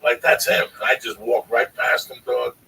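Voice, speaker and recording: A man telling a long, profane, animated story on a podcast, often calling his listener by name. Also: mid-range voice, normal speed, distant mic, a little hiss or hum, poor audio. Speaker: storyteller guest.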